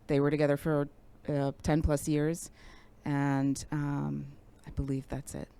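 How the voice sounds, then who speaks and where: A woman appearing as a guest on a talk show, soft-spoken and halting with frequent fillers as she talks. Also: deep voice, flat delivery, vocal fry, clean tone. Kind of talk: casual interview.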